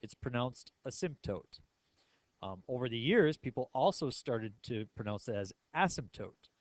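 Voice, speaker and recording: A man's voice: medium pitch, lively intonation, normal speed, darkish tone, no room sound. A male math teacher lecturing a class in a playful way, asking his students many questions.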